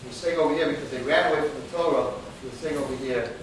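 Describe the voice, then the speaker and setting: A man, a rabbi teaching a Torah class to girls, dramatic, dropping to a hush and then bursting out loud, with Hebrew and Yiddish terms. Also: medium pitch, fast, slight background noise. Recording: echoey room, mic far off.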